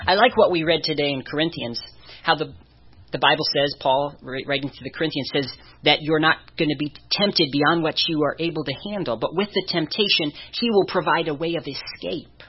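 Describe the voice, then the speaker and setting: A preacher giving a conversational sermon, chuckling softly now and then. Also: mid-range voice, fairly quick, husky. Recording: dull lo-fi recording.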